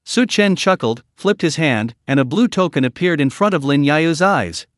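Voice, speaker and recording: A man's voice: a little high, expressive, moderate pace, few pauses, dry recording, studio quality. A man narrating a comic recap story in short, choppy phrases.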